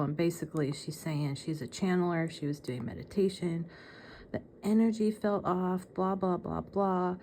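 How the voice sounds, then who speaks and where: A woman's voice: fairly low pitch, a little slow, a little mellow, slight background noise. A woman vlogger talking casually to camera, earnest and insistent, with a slight lisp.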